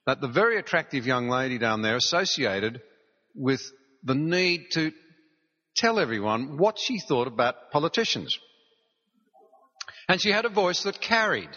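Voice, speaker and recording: A man's voice: medium pitch, sing-song, a little slow, long pauses, bright, forceful tone. An Australian man giving a public speech, telling wry anecdotes with earnest asides. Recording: dull, reverberant hall recording.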